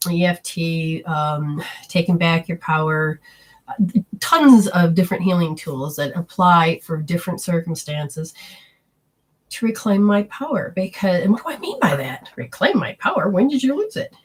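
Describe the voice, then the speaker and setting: A woman's voice: on the low side, animated, moderate pace. A woman giving an earnest spiritual healing talk, telling personal stories and acting out inner voices in quotes.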